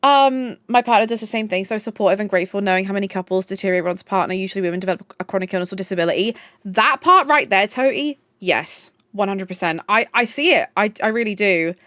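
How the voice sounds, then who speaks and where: A woman's voice: mid-range voice, animated, quick pace, a bit bright, no echo, clean studio sound. A young woman streaming live, chatting casually and gushing at her chat. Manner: gushing, chatty, swears, reads chat aloud.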